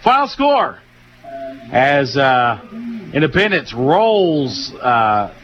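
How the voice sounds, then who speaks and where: A man's voice: mid-range voice, drawn-out words, a little hiss or hum. Tired Southern man calling football on radio. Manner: relaxed, folksy, frequent fillers. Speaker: play-by-play announcer. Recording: dull lo-fi radio broadcast.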